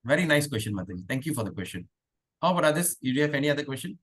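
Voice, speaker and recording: A man leading an online devotional class over a video call, asking the class questions and chanting verses slowly. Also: medium pitch, very animated, slightly rough. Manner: chatty, asks the class questions. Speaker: spiritual teacher.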